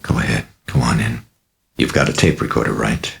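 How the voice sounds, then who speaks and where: A man reading the part of an anxious, exhausted mother in an audiobook, speaking in clipped, hurried lines. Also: very deep voice, steady tone, vocal fry, a bit bright, exaggerated voice. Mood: tense. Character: anxious weary woman, mother of a sick girl.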